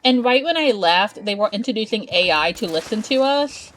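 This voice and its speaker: A woman chats with her live-stream audience while she plays, at an unhurried pace. She laughs often and keeps things loose and chatty, in a voice pitched neither high nor low. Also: expressive, a bit bright, a little hiss or hum. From Southern United States. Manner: talks slowly. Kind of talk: casual live-stream chat while gaming.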